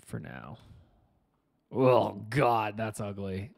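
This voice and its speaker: A man's voice: lowish voice, lively intonation, extremely slow, gravelly. A man chatting casually to viewers on a live stream as he fixes his game setup, frustrated and self-mocking, muttering to himself.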